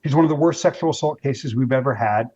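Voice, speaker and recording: Male interview guest, animated storyteller, mid pitch, muffled lo-fi audio. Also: fast talker. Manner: animated storyteller, acts out quoted voices, many restarts. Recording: dull lo-fi sound.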